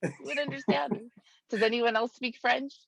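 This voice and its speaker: A woman's voice: fairly high pitch, moderate pace, creaky, over a noisy crowd. A woman joining an online talk show as a participant, chatty and a bit hesitant, with many restarts. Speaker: participant, caregiver. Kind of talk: casual video-call chat. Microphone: video call audio. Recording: dry lo-fi video call audio.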